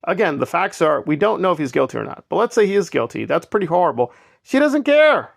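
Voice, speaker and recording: A commentary vlogger with a fairly high, gravelly voice and lively intonation speaks quickly about online drama. He's opinionated and sarcastic, emphatic and repetitive in making his points, and the recording is dry and studio quality.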